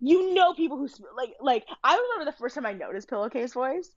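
A woman's voice: sits high, very animated, fast talker, darkish tone, no room sound, highs cut off. A woman co-hosting a podcast, chatting casually and opinionated as she recaps a TV show with lots of fillers. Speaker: podcast co-host.

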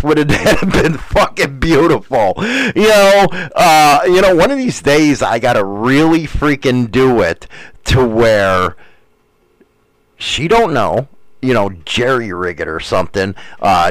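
Slow, lively-voiced man telling crude stories. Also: mid-range voice, no room sound. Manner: rambling, profane, laughs at his own stories. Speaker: storyteller answering a question. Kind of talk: casual crude storytelling.

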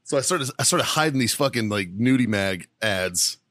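A man's voice: medium pitch, animated, normal speed, fairly bright tone, no echo, studio quality. A middle-aged man, a podcast co-host, telling a profane story in a laughing, casual way.

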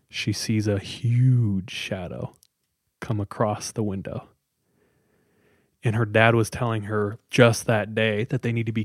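A man hosting a podcast, casually telling a scary story with dramatic pauses and lots of "like.". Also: fairly low pitch, no echo, studio quality. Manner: relaxed, dramatic pauses, many "like"s.

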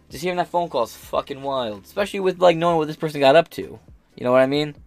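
A man's voice: on the high side, fast talker, creaky, dry recording, faint music behind. An American man hosting a podcast, reacting to news in a blunt, profane rant. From United States. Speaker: podcast host. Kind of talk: casual reaction commentary.

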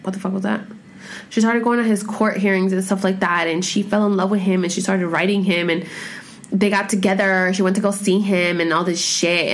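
A woman in her thirties chatting casually at home as a podcast host, rambling and expressive, with heavy swearing and filler words. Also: medium pitch, fairly quick. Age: 30s. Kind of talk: casual chat. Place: home room with pets.

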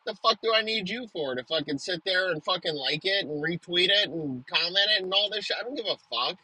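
A man's voice: sits high, animated, fairly quick, sharp tone, breathy edge, no echo, rough recording. A man delivering an aggressive comedic rant, swearing nonstop and hurling insults.

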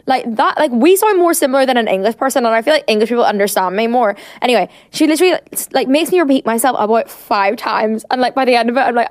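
A woman's voice: on the high side, animated, fast talker, few pauses, no echo, clean studio sound. A young Irish woman hosting a podcast, chatting casually with lots of fillers and the odd swear word. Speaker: podcast host. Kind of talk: casual chat.

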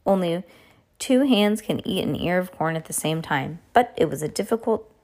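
A woman's voice: lowish voice, expressive, moderate pace, darkish tone. A woman reading a novel aloud in a casual way, stopping now and then to chat with a listener. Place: at home under a blanket.

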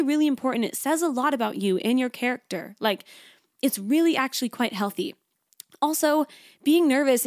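A woman's voice: sits high, no echo, clean studio sound. A woman hosting a self-help podcast, talking casually and reassuringly, with lots of "like" fillers. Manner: chatty, frequent "like" fillers; encouraging, reassuring. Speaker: podcast host.

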